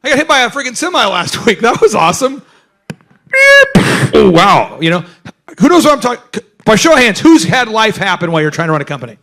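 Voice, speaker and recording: A man hosting a business workshop, talking to a live audience in an animated, joking way and firing questions at the crowd. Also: sits high, a little fast. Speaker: host. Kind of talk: energetic business workshop talk.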